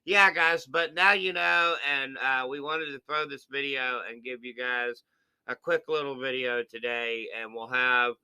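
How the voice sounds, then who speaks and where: Easygoing man with a bright, smooth voice. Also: medium pitch, steady tone, unhurried. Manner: easygoing, rambling, addresses viewers as guys. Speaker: co-host of unboxing channel. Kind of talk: casual unboxing chat.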